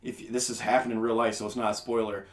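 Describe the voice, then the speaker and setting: A man's voice: fairly low pitch, flat delivery, fast talker. A young man hosting a podcast, chatting casually in a rambling, laid-back way. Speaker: podcast host. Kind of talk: casual chat.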